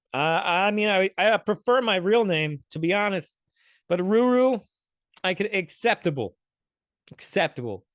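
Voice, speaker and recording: A man's voice: fairly high pitch, a bit bright, dry recording, clean studio sound. A man hosting a podcast, giving sarcastic, swear-filled commentary on clips he plays. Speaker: podcast host. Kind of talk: casual commentary reacting to clips.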